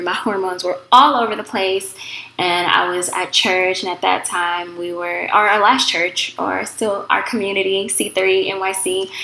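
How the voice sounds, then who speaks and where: Woman, thirties, heartfelt testimony, bright and gravelly, echoey home room. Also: mid-range voice, slight background noise. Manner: earnest, heartfelt, conversational. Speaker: pastor's wife and missionary. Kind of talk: personal faith testimony. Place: home kitchen, sitting on the floor.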